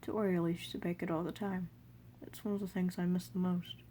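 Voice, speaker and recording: A woman voicing a kindly, remorseful monster king who speaks softly and apologetically. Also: fairly low pitch, level tone, moderate pace, slight background noise, close to an everyday voice. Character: gentle remorseful goat-monster king, older male.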